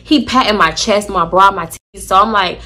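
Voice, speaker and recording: A woman telling a story in a casual vlog, animated, slangy and profane. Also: medium pitch, moderate pace.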